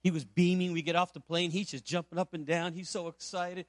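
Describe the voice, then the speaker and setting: Male pastor from Puerto Rico, high voice, dry close sound, preaches in a storytelling style with rhetorical questions. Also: level tone, a little fast, dry recording. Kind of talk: sermon.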